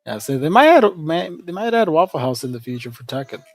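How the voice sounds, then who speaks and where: A man's voice: a little high, very animated, fairly quick, no echo. A man hosting a casual livestream chat, rambling and often restarting his sentences. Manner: rambling, with frequent restarts and fillers. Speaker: livestream host.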